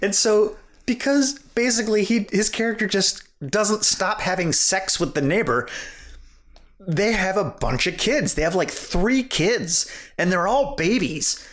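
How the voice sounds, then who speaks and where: A man's voice: sits high, unhurried. A man co-hosting a podcast, telling a funny story in casual chat and laughing along as he goes. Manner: animated, laughs through his own story. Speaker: podcast co-host.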